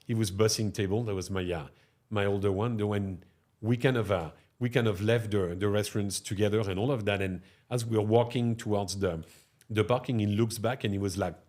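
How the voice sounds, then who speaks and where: A man's voice: on the low side, a little fast. A middle-aged man with a French accent, a restaurateur telling stories in an interview and tagging his sentences with "no?" and "huh?". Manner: animated, tags sentences with "no?" and "huh?". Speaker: restaurateur guest. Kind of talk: storytelling interview talk.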